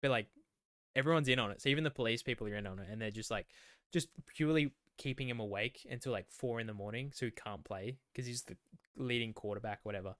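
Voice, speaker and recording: A man's voice: mid-range voice, fast, fairly bright tone, smooth, no room sound, clean studio sound. A man co-hosting a podcast, rambling and swearing casually as he retells TV scenes. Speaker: podcast co-host. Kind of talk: casual chat.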